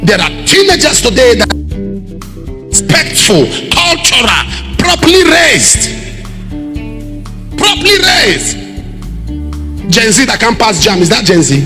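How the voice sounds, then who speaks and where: A man with a Nigerian accent preaching a sermon emphatically, with repeated rhetorical questions and bursts of shouting. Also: high voice, sing-song, normal speed. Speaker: pastor. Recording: reverberant hall with loud music behind.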